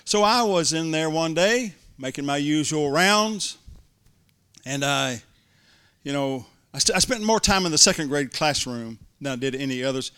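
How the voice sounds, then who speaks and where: A middle-aged man preaching, telling a folksy personal story from the pulpit with restarts and warm asides. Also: medium pitch, clean tone. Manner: folksy, building to excited shouts. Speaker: pastor. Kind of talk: sermon storytelling.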